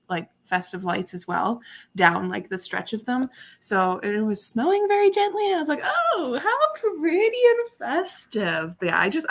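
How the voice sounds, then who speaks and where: A woman's voice: fairly high pitch, fairly bright tone. Chatty giggly young woman streaming. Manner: chatty and giggly, talking to chat. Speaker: livestream host. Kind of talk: casual livestream chat. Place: her apartment.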